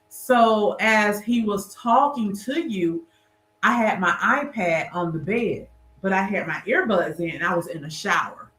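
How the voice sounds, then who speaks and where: A woman's voice: medium pitch, fairly bright tone, reverberant. A woman guest in a casual interview, telling her story earnestly and with animation.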